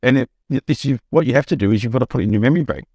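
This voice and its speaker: A middle-aged Australian man, a buyer's agent, telling an animated anecdote on a podcast and acting out the quotes. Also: rapid-fire, breathy edge, dry recording. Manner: storytelling, acts out quotes with rising pitch.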